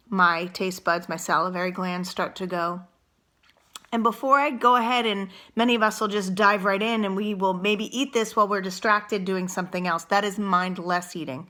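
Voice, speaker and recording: A middle-aged woman, a wellness coach, gently and slowly guiding a mindful eating demonstration, chewing as she talks. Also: on the low side. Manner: slow, gentle, unhurried guidance; eats and chews while talking.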